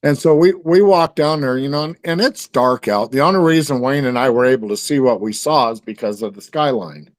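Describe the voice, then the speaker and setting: A man with a mid-range voice is a guest telling a story in casual conversation, talking briskly. He rambles, full of fillers and restarts, and there's no echo.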